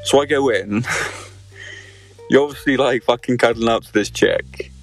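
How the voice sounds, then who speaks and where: Faint music sits behind this young podcast host as he spins a rowdy tale, swearing constantly and laughing throughout. His mid-range voice keeps a measured pace in this casual storytelling chat.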